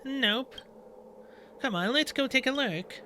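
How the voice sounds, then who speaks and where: A man's voice: very high voice, expressive, slow, bright, forceful tone, slight background noise. A man playing through a story game, reading its dialogue aloud and adding sarcastic asides. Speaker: gaming video creator.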